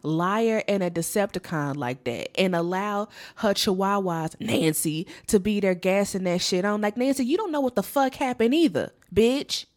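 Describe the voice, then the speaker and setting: A woman co-hosting a podcast, ranting in a sassy, profane, animated way about a reality show. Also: mid-range voice, normal speed, few pauses. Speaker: podcast co-host. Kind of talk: casual chat.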